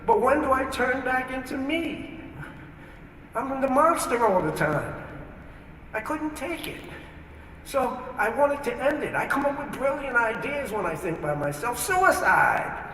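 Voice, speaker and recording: A man's voice: very high voice, lively intonation, unhurried, sharp tone, a little hiss or hum. A man, from New York, earnestly telling his life story as a testimony and acting out his own past words. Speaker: speaker giving a testimony. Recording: echoey hall, distant mic, archive.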